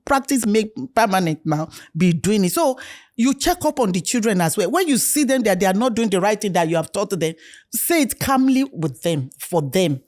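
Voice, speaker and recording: Speaking fairly quickly at a medium pitch, this guest is a middle-aged woman from Africa. In open conversation she gives lively accounts and voices the dialogue of family members herself.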